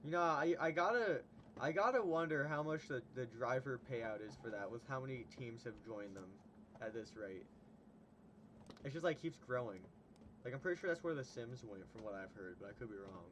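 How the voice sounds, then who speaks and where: A man's voice: medium pitch, expressive, moderate pace, fairly bright tone, slight background noise. A young man hosting a casual livestream, chatting with a guest, laughing often and retelling stories. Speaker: stream host.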